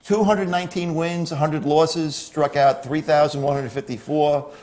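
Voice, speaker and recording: Higher-voiced man reading sports stats. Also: steady tone, a little mellow. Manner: reads out stats, quick to laugh, chimes in with short replies. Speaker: sports show co-host. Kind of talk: casual sports chat.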